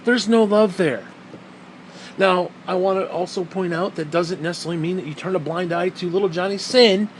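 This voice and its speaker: High-voiced man ranting bluntly. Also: moderate pace, slight background noise, poor audio. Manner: blunt, profane, repeats points for emphasis. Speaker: vlogger. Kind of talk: heated ranting commentary.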